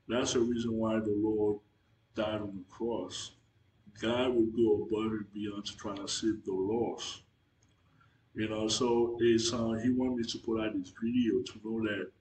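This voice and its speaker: A man giving an earnest, halting religious testimony to the camera, repeating himself and restarting his sentences. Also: mid-range voice, slight background noise. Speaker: Christian video testifier. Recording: echoey room.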